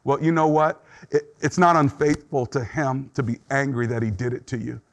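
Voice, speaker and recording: A man's voice: medium pitch, fairly even intonation, normal speed. A middle-aged man preaching a sermon in an earnest, conversational way, acting out short quotes as he teaches. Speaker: pastor.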